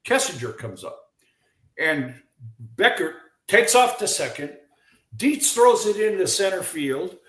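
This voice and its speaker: A former baseball pitcher in his seventies, appearing as a guest in a chat, spins lively stories, acting out the voices of the people in them and frequently restarting his sentences. He takes his time, and the rough recording has an echoey room sound.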